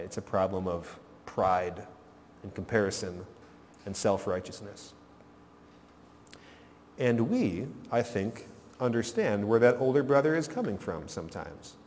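A man's voice: lowish voice, animated, a little slow, pauses often, darkish tone, long reverb tail, a little hiss or hum. A man preaching a sermon as pastor, emphatic, rising and falling for effect.

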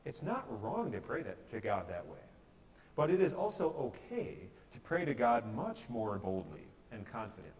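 A man's voice: mid-range voice, big pitch swings, normal speed, a little mellow, slight background noise. Man preaching in a reverberant church. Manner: earnest, conversational, acts out quoted prayers. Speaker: pastor. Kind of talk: sermon. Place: church sanctuary.

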